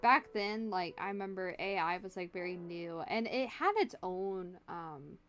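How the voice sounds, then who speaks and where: A woman's voice: on the low side, a little slow, a bit bright. A woman art streamer chatting casually and jokingly with her viewers as she draws, rambling and answering the chat. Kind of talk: casual livestream chat while drawing. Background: faint background music.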